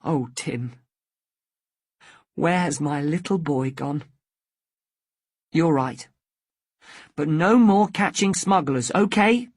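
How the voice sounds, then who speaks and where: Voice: animated, slow, pauses often, husky, no echo, clean studio sound, heavily acted. A reader voicing a worried mother who pleads with her teenage son, in a children's storybook reading. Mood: tender. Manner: pleading, higher-pitched, tearful. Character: worried upset mother, adult woman.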